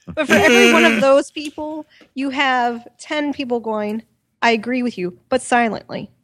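Woman with a fairly high voice, thinking aloud. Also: fairly bright tone. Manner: thoughtful, halting, restarts often. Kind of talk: casual podcast chat.

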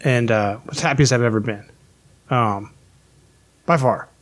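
A man's voice: mid-range voice, measured pace. A man on a podcast telling his life story in casual chat, candid and full of swearing. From West Virginia. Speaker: podcast guest.

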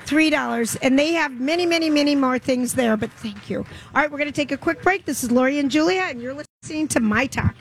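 Bubbly high-voiced woman radio host. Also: fast, hardly any pauses, a little hiss or hum, low-quality recording. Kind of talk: casual radio chat. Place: fair broadcast booth.

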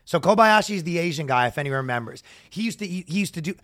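A man telling a comedic story on a podcast, loud and animated, with bursts of shouted announcer impressions. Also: fairly high pitch, fast talker. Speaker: podcast co-host.

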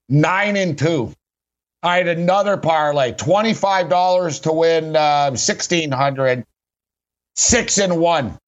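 Casual sports betting talk comes from a middle-aged radio host whose pitch sits fairly high, with the top end of the audio clipped. He wanders bluntly through football and wagers, saying "big man" again and again.

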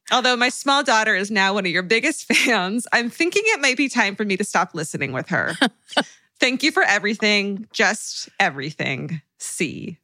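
A woman with a bright, lively voice reads listener letters aloud on a chatty podcast. She swings her pitch widely and laughs easily. The sound is dry and close. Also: normal speed, no room sound. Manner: animated, laughs and tears up while reading. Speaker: podcast co-host. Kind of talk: casual chat, reading listener stories.

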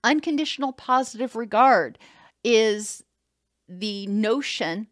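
A woman's voice: fairly high pitch, animated, slow, dry recording, clean studio sound. A woman giving an educational talk on child attachment, explaining steadily and acting out what a caregiver might say. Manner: explanatory, acts out caregiver quotes, some restarts.

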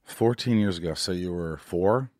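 Deep-voiced American man hosting a podcast. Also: normal speed, a little mellow, no echo, clean studio sound. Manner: rambling, joking, loose. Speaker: podcast host. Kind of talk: casual interview chat.

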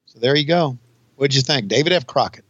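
An older man co-hosting a podcast, talking in a wry, profane, deadpan way about an old broadcast. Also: mid-range voice, brisk, breathy edge, no room sound. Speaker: podcast co-host and former announcer. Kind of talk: casual podcast chat and mock commentary. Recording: dry, slightly dull podcast audio.

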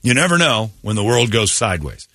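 A man with a low but bright, forceful voice hosts a casual morning radio show. He tells stories with energy and jumps up high when acting out what people said. The sound is dry and close. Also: brisk, no echo. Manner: animated storytelling, acts out quotes in a raised voice.

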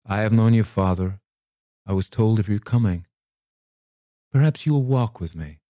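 A man's voice: on the low side, normal speed, warm tone, no room sound, clean studio sound, lightly acted. A man voicing a frail, wistful old noblewoman. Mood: gentle. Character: frail lonely old noblewoman, dreamy and sad.

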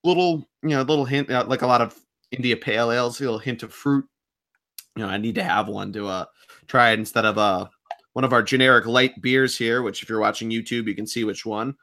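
A man's voice: medium pitch, brisk, pushed and bright. A man co-hosting a sports podcast, talking in a nervous, rambling, self-deprecating way. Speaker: podcast co-host. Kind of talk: casual sports podcast chat.

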